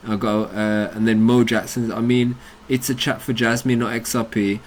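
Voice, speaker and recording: British man, blunt ranting commentary, mid-pitched voice, faint background hum. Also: little pitch movement, measured pace. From United Kingdom. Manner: blunt, combative, swearing. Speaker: crypto channel host.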